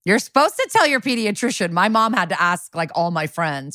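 A woman's voice: mid-range voice, very animated, fairly quick, sharp tone, dry recording, clean studio sound. A woman co-hosting a podcast, chatting loosely and cutting in with asides full of fillers. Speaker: podcast co-host. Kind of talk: casual chat.

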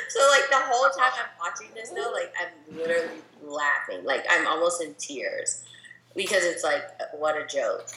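Woman gabbing away, lots of "like", low-ish bright voice. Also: moderate pace, roomy sound, slight background noise, rough recording. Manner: animated storyteller, lots of "like". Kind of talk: casual chat.

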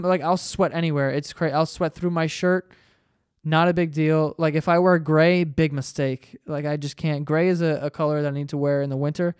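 A man's voice: on the high side, clean tone, no room sound, studio quality. A young man hosting a podcast, telling a rambling story in a casual, profane way and jumping into voices for the people he quotes. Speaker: podcast host.

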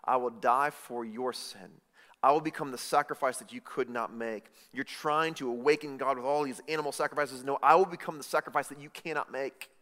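Guy preaching in a big echoey hall, gets loud then drops way down soft. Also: medium pitch, a little fast. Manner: impassioned, swings from loud emphatic lines to hushed intimate ones. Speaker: pastor. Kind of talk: sermon. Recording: reverberant hall.

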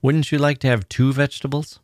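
A man reading a gentle, coaxing father. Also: mid-range voice, level tone, fairly quick, dry recording, studio quality, voice pushed up, lightly acted. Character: gentle, attentive father in his thirties.

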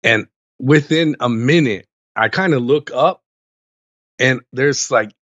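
A man's voice: mid-range voice, takes it slowly, no echo, highs cut off. A man co-hosting a sports podcast in casual chat, telling stories and ranting with lots of energy. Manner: animated ranting storyteller. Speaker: podcast co-host.

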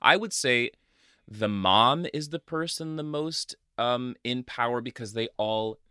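A man co-hosts a casual podcast, reacting with emphatic, expressive comments and Spanish exclamations. His voice is bright and forward, and the recording is dry and close. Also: mid-range voice, measured pace, clear, resonant tone, dry recording. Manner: expressive and emphatic, with frequent fillers and Spanish interjections. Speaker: podcast co-host. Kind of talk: casual chat reacting to a film.

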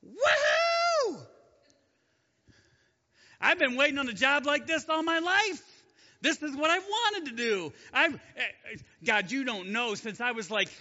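A man's voice: high voice, moderate pace, bright, forceful tone, long reverb tail, dull audio. A man voicing Moses as an overjoyed grown man who gushes and trips over his words. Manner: whooping, gushing, tripping over words.

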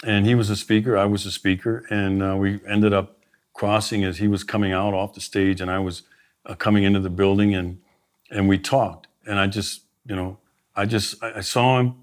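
A man's voice: fairly low pitch, moderate pace. A man, a former sheriff, telling stories in a conversational interview and acting out what he and others said. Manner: animated anecdotes, quoting himself and others. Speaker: podcast guest, former sheriff.

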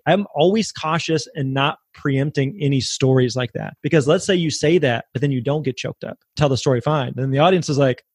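Fast-talking man coaching on speaking. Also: on the high side, husky, dry recording, clean studio sound. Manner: animated, acts out audience reactions. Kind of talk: casual podcast discussion.

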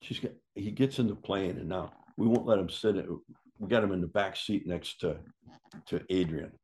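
Older guy telling wild road stories, husky low voice, acts out the quotes, cusses a lot. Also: moderate pace. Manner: lively yarn-spinner who acts out quotes and swears freely. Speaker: former pro wrestler telling stories. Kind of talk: casual storytelling.

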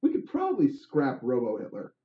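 A man's voice: mid-range voice, wildly swooping pitch, a little fast. A man in casual chat, reacting to a friend's story with wry quips. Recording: echoey, phone-like sound.

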